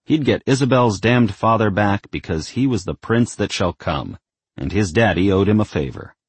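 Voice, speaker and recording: A man narrating a novel with wry, expressive storytelling. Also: sits low, husky, dry recording. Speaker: audiobook narrator. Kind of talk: scripted narration.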